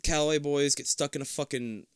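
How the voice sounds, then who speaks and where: A man's voice: fairly high pitch, steady tone, a little fast, clear, resonant tone, dry recording, studio quality. A man in his thirties co-hosting a podcast in casual chat, rambling, swearing freely and laughing often. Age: 30s. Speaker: podcast co-host. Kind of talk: casual chat recapping a cartoon.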